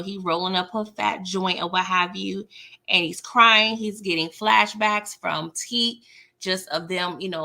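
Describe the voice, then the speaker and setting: A woman's voice: mid-range voice, creaky, sharp tone. A young adult woman recapping a TV episode in a chatty, slangy way, laughing often and talking to viewers as y'all. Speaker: TV recap vlogger. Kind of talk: casual recap talk.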